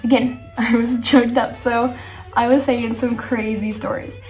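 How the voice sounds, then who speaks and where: A woman's voice: on the high side, a little slow, soft background music. A woman telling a casual storytime while doing her makeup, chatty and rambling, with frequent laughs and asides. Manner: chatty and animated, laughing often. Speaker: storytime vlogger.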